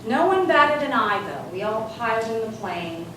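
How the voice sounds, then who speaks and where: A woman tells a funny personal story to a live audience, her pitch swinging widely. She is captured at a distance in a big, echoey hall. Room ambience is clearly heard around her. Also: normal speed, noisy background. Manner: animated, comic timing. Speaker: guest speaker. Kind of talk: humorous storytelling speech. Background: room ambience and audience laughter.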